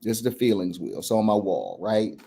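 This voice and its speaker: A man's voice: fairly low pitch, very animated, brisk, gravelly, dark tone, husky. A man, a men's coach hosting a candid talk, earnest and reflective, often restarting and checking in with "right?". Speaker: men's coach and podcast host.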